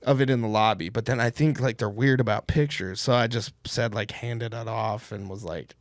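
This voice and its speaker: A man's voice: fairly low pitch, moderate pace, no room sound. A young man on a comedy podcast, rambling through a story with plenty of swearing, heard close on a studio mic. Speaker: podcast co-host. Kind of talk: casual comedy podcast chat. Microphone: podcast studio microphone.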